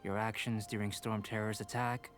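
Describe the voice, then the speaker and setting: An actor playing a calm, detached young alchemist and painter who talks in an even, scholarly, slightly bored cadence. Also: male voice, lowish voice, moderate pace, faint music behind, lightly acted.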